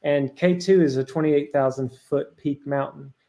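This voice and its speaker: A man in his thirties with a strongly gravelly voice sits in as a podcast guest. He tells his story earnestly and at length, slightly high in pitch, with plenty of ums and restarts. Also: fairly even intonation, moderate pace, warm tone. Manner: earnest and rambling, full of fillers.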